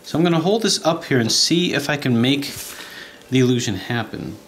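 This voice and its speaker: A man talking casually at home at night, unboxing and demonstrating a puzzle with eager, chatty enthusiasm. His pitch swings widely as he talks, and steady hiss and clicks run under the home recording. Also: fairly quick. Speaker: puzzle collector and video host. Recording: noisy home video with clicks.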